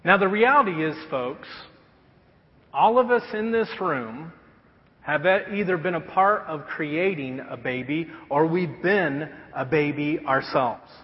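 A man in his thirties preaching a sermon in a church, earnest and storytelling, dropping to a hush on key phrases. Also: fairly high pitch, lively intonation, a little slow. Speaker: pastor. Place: church auditorium. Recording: muffled sound with long hall reverb.

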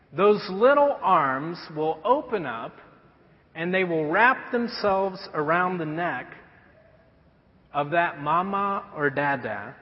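A man in his thirties preaching a sermon in a church, earnest and storytelling, dropping to a hush on key phrases. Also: on the high side. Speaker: pastor. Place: church auditorium. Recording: muffled sound with long hall reverb.

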